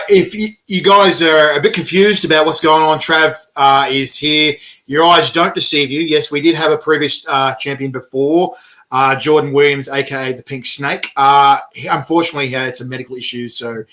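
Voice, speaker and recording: Aussie bloke hosting, laughs a lot, bright slangy chat on a video call. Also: male voice, a little high. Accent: Australian. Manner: excitable, laughing often, slangy. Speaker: host. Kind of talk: casual chat.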